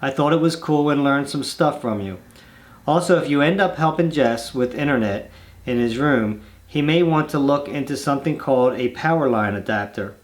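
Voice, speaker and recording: A man's voice: medium pitch, moderate pace. A man hosting his own channel, reading viewer letters aloud and chatting casually between them with rambling, easygoing asides. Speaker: channel host reading fan mail.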